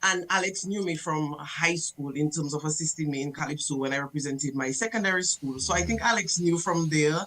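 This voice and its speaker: Brief: lively woman storyteller. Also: sits low, a little fast, few pauses, rough recording. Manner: lively, acts out dialogue in the story. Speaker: guest emcee and calypsonian. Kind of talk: radio interview storytelling.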